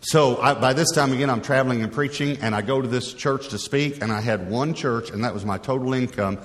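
A man's voice: mid-range voice, brisk. A middle-aged man and pastor telling a personal story in a sermon, talking conversationally with frequent restarts. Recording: long reverb of a large hall.

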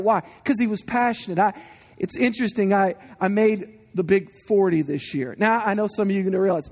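A man in his forties preaching a sermon, telling animated personal stories and asking the congregation questions. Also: high-pitched, a little fast. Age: 40s. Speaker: guest preacher.

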